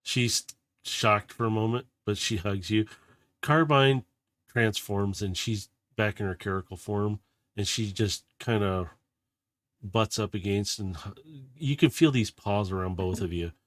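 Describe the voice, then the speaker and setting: A man running a tabletop game as game master, narrating softly and losing his voice. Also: fairly low pitch, a little slow, no echo.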